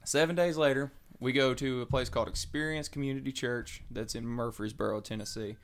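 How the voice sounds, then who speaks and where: A man tells his story in a loose, animated way, slipping into the voices of the people he quotes. His voice has a gravelly, fried edge, sitting at an ordinary pitch for a man. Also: fairly quick, a little hiss or hum. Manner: animated, acts out quoted voices, Southern colloquial. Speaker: guest telling his recovery testimony. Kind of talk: casual storytelling.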